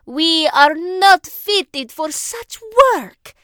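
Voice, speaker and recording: A woman's voice: very high-pitched, very slow, pushed and bright, no echo, clean studio sound, pitched above the performer's own voice, heavily acted. A woman voicing a cheerful, eager male bandit who talks in a grand, formal way in a storybook reading.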